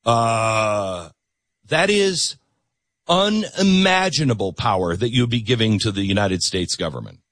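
A man's voice: lowish voice, expressive, unhurried, fairly bright tone, no room sound. Emphatic man on a political monologue. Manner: emphatic, repeats words for stress. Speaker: talk show host.

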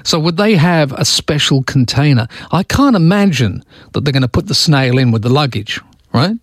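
A man's voice: fairly high pitch, lively intonation, moderate pace, dry recording, clean studio sound. A male radio host in a casual, amused chat, tossing out rhetorical questions.

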